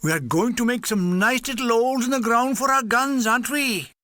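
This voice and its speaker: A man's voice: very high voice, fairly quick, pushed and bright, no room sound, pitched above the performer's own voice. A man voicing a sly, half-evil Welsh sergeant major in a mock-cheery, sing-song manner.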